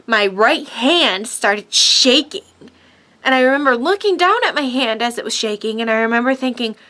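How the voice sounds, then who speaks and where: A woman's voice: on the high side, lively intonation, a little slow, fairly bright tone. A woman vlogger telling a story in a casual way, gushing and chatty, laughing often.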